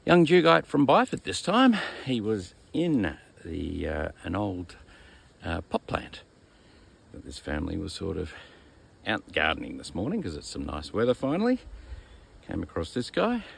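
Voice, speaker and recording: An Australian snake catcher, outdoors among bushes, releases a snake while chatting casually and teasing it in a laid-back way. His low voice is creaky and slightly rough, very animated, at a moderate pace, in casual vlog narration.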